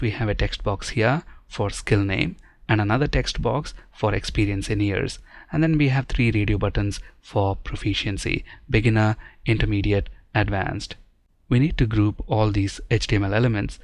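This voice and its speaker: A man with a fairly low voice walks through code in a calm, methodical tutorial manner. The sound is dry and close, with no room around it. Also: no room sound. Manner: methodical, step-by-step explaining. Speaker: programming instructor. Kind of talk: screen-recorded coding tutorial.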